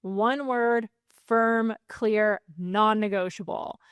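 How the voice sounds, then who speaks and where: Soft-spoken woman sleep coach, dry sound. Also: medium pitch, steady tone, slow pace, smooth, no echo. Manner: soothing, gently firm, laughs lightly between points. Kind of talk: calm self-help teaching to camera.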